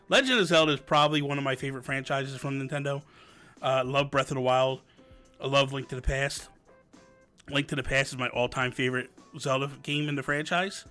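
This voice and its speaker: A man in his thirties hosting a live stream, answering viewer questions and telling stories that act out family dialogue. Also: mid-range voice. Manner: animated storyteller, acts out family dialogue. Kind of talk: casual live-stream chat and storytelling. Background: light background music.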